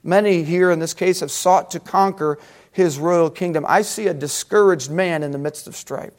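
High-voiced preaching man. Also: quick pace. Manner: animated preaching, talks with the congregation. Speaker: pastor. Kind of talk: sermon.

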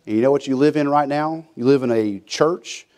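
A man's voice: mid-range voice, brisk, darkish tone. A man preaching a folksy sermon, acting out quotes and often restarting his sentences. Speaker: pastor.

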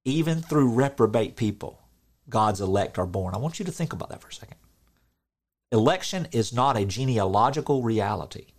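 With a lowish voice, a middle-aged man preaches in an informal style. He's earnest and animated, acting out quotes and chuckling from time to time.

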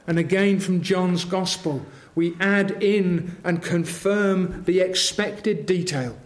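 Slow, high-voiced preacher. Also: male voice. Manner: earnest, rising to emphatic intensity. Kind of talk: sermon.

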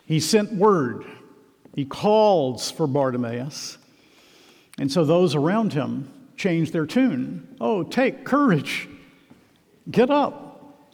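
A man's voice: a little high, a little mellow, long reverb tail. A man preaching a sermon as pastor, emphatic and repeating key phrases, in a church.

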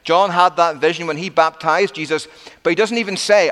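A man preaching a sermon, telling the story with lively acted-out quotes and plain explanation. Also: a little high, brisk, long reverb tail.

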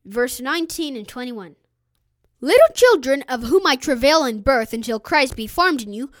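Earnest woman reading a sermon, high voice. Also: fairly bright tone, no echo. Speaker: audiobook reader.

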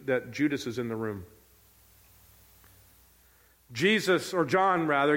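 A man preaches in an earnest, emphatic way, repeating his key lines for weight. His voice sits a little high for a man. A long reverb trails behind each phrase, as in a large hall. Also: fairly bright tone. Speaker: pastor. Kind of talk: sermon.

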